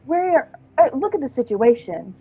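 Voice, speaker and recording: A woman's voice: sits high, sing-song, normal speed, warm tone, lo-fi sound. A woman player in a casual tabletop game, talking playfully and persuasively. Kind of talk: casual tabletop role-play.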